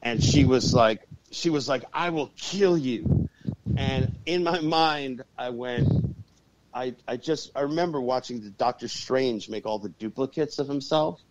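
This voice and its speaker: A man being interviewed as a guest shaman and exorcist, telling stories in an excitable, profane way. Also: mid-range voice, measured pace, lo-fi sound. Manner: profane and excitable, acts out the voices in his stories. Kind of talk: animated storytelling in a podcast interview.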